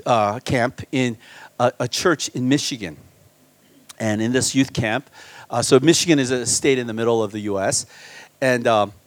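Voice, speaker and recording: A man preaching as a guest pastor at a church retreat, animated, swinging between loud emphasis and quiet asides. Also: mid-range voice, no echo. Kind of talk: sermon.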